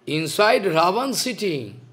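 A man's voice: high-pitched, big pitch swings, slow pace, a bit bright. Impassioned older man scolding in a lecture. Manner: impassioned, scolding, repeats rhetorical questions. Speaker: spiritual teacher. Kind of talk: devotional lecture.

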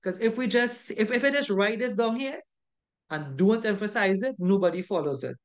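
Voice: medium pitch, moderate pace. Emphatic Trinidadian instructor. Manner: emphatic and scolding, repeats points, ends with "right?". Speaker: safety course instructor. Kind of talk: recorded online class lecture.

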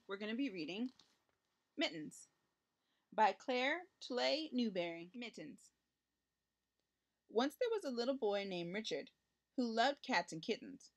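A woman reading a children's picture book aloud, with expressive, lively storytelling for young listeners. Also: medium pitch. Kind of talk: children's read-aloud narration.

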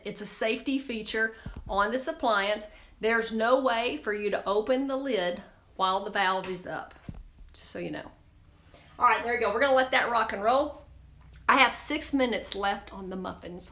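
A woman's voice: fairly high pitch, pushed and bright, echoey room. A woman hosting a live cooking demonstration, chatty and bubbly as she talks straight to her viewers in a kitchen. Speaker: cooking show host.

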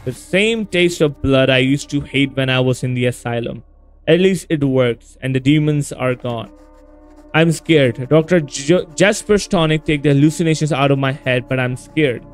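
A man's voice: medium pitch, normal speed, clear, resonant tone, faint music behind, lightly acted. A man voicing a frightened young male former asylum patient in a horror game, reading his lines in an anxious, confessional way. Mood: fearful.

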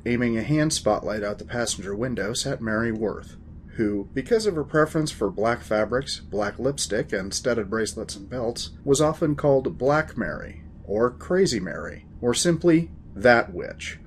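A man's voice: medium pitch, a little hiss or hum. Man narrating a story, dry and wry. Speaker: podcast host and narrator.

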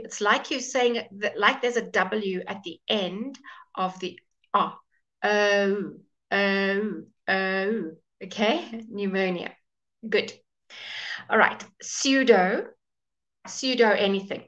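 A woman's voice: mid-range voice, a bit bright, dull audio. A woman teaching a live online English pronunciation lesson, patiently modelling words and greeting viewers by name.

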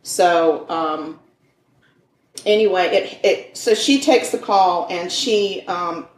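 Woman, fairly low voice, chatty true-crime storyteller, echoey room. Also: takes it slowly, recorded from a distance. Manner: chatty, folksy asides, stumbles over names. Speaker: podcast co-host.

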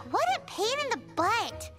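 A woman's voice: very high-pitched, big pitch swings, slow, exaggerated voice. A woman voicing a tiny, childlike female companion creature in a video game who is chirpy and blunt and complains openly. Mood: grumbling. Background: game music.

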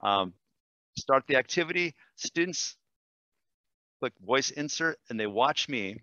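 A man, a language teacher, demonstrating software in a webinar, enthusiastic and quick, with fillers and self-corrections. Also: mid-range voice, expressive, no room sound, muffled recording. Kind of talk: screen-share webinar demo.

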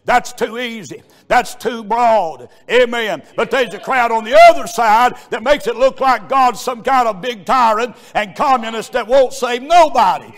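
A man preaching a revival sermon, fervent and building to shouts. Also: extremely high pitch, unhurried, few pauses.

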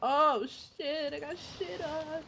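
A woman's voice: high-pitched, slow pace, creaky, pushed and bright. A woman co-streaming with a friend, chatting casually and profanely while gaming, often breaking into laughs. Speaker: co-streamer guest. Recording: noisy mic with clicks.

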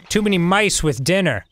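A man's voice: high voice, fairly bright tone. A man chatting and joking while playing a video game, reading game text aloud. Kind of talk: casual gaming commentary.

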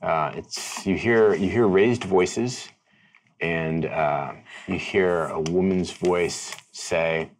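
A man narrating a tabletop role-playing game as game master, wry and descriptive. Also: low-pitched. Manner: descriptive, wry, unhurried storytelling.

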